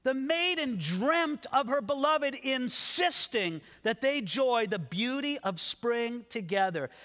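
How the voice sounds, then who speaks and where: A man preaching an expository sermon as a pastor, animated and acting out quoted voices. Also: high-pitched. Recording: long hall reverb.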